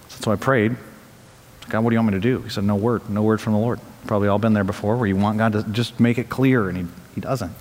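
A male pastor preaching a sermon, telling stories in a conversational way and building to emphatic peaks. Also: fairly low pitch. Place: church sanctuary. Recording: long reverb of a large hall.

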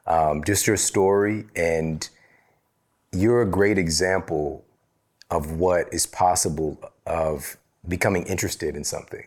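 Podcast host: man with a very low voice, appreciative and conversational while wrapping up. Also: steady tone, unhurried, a little mellow. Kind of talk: conversational interview.

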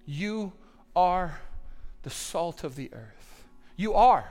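A man preaching a sermon as pastor, building his points through repetition until he is nearly shouting. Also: high voice, expressive, takes it slowly, soft background music. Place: church auditorium on stage.

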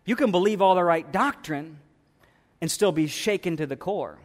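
Male pastor, high voice, preaching with fervent rhetorical questions, reverberant hall sound. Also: moderate pace. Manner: impassioned, repetitive, many rhetorical questions and restarts. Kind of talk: sermon.

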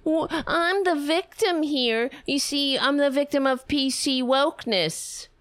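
Lady putting on a whiny politician man crying victim, high and mock-innocent, slow. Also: a bit bright, dry recording. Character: whiny self-pitying male politician playing the victim.

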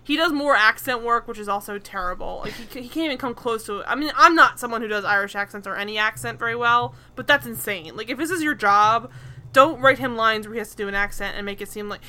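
Woman podcast co-host, bright and fairly high voice, animated and exasperated. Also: fast. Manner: animated, laughing, exasperated retelling. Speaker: podcast co-host recapping a sitcom. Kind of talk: casual chat.

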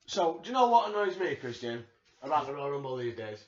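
A man with a Yorkshire accent co-hosting a podcast, talking in an animated, excitable way and swearing freely. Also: mid-range voice, quick pace. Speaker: podcast co-host. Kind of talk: casual chat. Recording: echoey room, dull lo-fi sound.

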